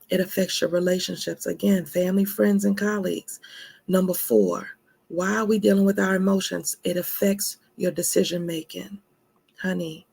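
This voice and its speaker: A woman speaking gives an emphatic motivational talk on self-care. Her voice is gravelly and a little husky. She leans on words for emphasis and calls her listeners honey. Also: mid-range voice, a little mellow.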